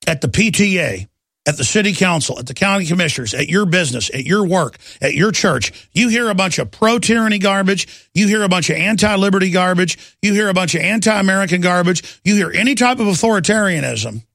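A man's voice: high-pitched, lively intonation, fairly quick, a bit bright, no room sound, studio quality. A middle-aged man hosting a talk radio show, delivering an urgent, impassioned political monologue. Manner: gravelly, urgent, ranting delivery.

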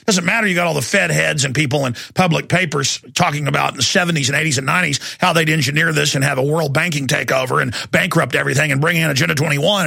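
Gravelly man in a sarcastic rant. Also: a little high, fast, few pauses, pushed and bright, dry recording, studio quality. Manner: angry, sarcastic ranting. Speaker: talk show host. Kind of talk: ranting talk show monologue.

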